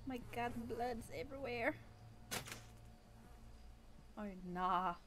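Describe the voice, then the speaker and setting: A young woman streaming a horror game, reacting excitably, swearing, shrieking and laughing nervously. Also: a little high, slow pace. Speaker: gaming streamer. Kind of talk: reactive gameplay commentary. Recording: noisy home recording.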